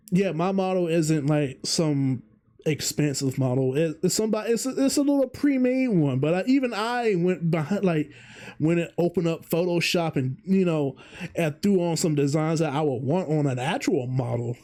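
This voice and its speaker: A male vtuber host speaks at a moderate pace in an animated, dark-toned voice that sits on the high side. He delivers a casual commentary monologue on his channel, rambling, cutting himself off, and chuckling frequently.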